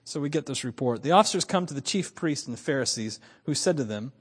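A man preaching a sermon, animated, chuckling and repeating lines for emphasis. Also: medium pitch, fast talker, breathy edge. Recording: long reverb of a large hall.

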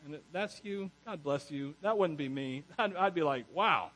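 Male pastor, higher-pitched and husky, preaching a chatty, laughing sermon full of asides. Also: moderate pace, rough recording. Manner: animated, laughs often, self-correcting asides.

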